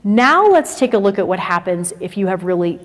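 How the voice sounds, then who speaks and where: At a teacher training day, a woman with a medium-pitched, fairly quick voice lectures in a large hall that is also livestreamed. She is lively and conversational, acting out examples, and the hall's long reverb is audible.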